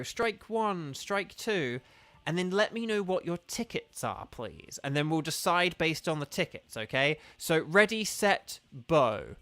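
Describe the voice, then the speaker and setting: A man's voice: on the high side, fairly bright tone, dry recording. A man chatting casually with viewers during a live game stream, rambling and organizing who plays next.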